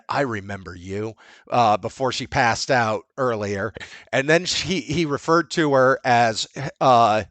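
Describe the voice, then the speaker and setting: A man hosting a podcast, recapping a movie in casual, profane, animated chat. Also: mid-range voice, dry recording. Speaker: podcast host.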